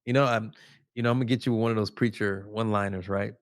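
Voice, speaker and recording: A man's voice: fairly low pitch, fairly even intonation, fast, dry recording, studio quality. A man co-hosting a faith podcast, chiming in with enthusiastic affirmations and telling a personal story. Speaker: podcast co-host. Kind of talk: casual faith podcast chat.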